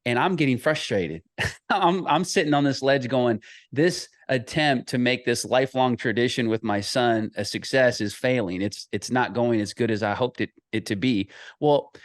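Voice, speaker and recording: A man in his thirties speaks at a mid-range pitch, earnest and conversational as he shares a personal story. His delivery gets animated during the story and is full of small restarts. The sound is close and dry. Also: normal speed, dry recording. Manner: earnest, animated when telling stories, frequent restarts. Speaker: associate pastor and author.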